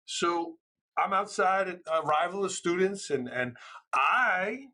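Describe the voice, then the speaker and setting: Middle-aged New educator; loud, passionate storyteller, slightly high, bright tone. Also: male voice, slow. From New York. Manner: passionate, loud, storytelling with animated quoted voices. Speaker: school administrator, guest. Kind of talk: conversational interview.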